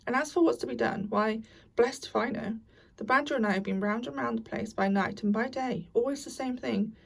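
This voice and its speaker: A woman reader puts on a plain, homely storybook mole, his voice a little high with a gravelly rasp. He talks in a blunt, down-to-earth way. The voice sounds slightly distant from the mic. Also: fairly quick. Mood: grumpy. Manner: homely, grumbling. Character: kindly, blunt, hungry male mole.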